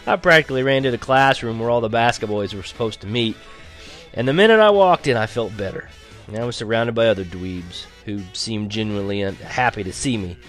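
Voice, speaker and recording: A man's voice: fairly low pitch, lively intonation, quick pace, faint music behind. Wry, sarcastic male story narrator. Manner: wry, sarcastic, laughs between lines. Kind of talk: audiobook narration of a teen story.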